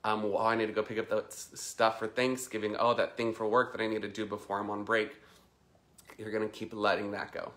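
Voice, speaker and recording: A man teaching yoga, guiding a breathwork and meditation class in a calm, unhurried way that slows way down when he repeats the mantra. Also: lowish voice. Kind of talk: guided meditation instruction.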